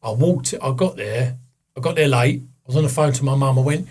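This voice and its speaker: A husky-voiced man guest, a little high and brisk, recounts a candid personal story with plenty of swearing in casual chat, imitating the voices of people he quotes.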